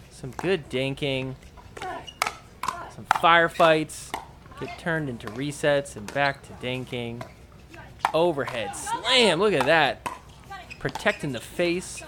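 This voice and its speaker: Chatty man narrating sports highlights. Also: sharp tone. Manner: chatty play-by-play narration over match footage. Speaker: podcast host. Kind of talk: casual sports recap commentary.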